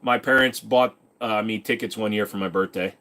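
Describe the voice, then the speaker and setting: A man's voice: lowish voice, fairly even intonation, normal speed, bright, forceful tone. A young man hosting a casual live stream, reading questions from chat aloud and answering them in a rambling, joking way.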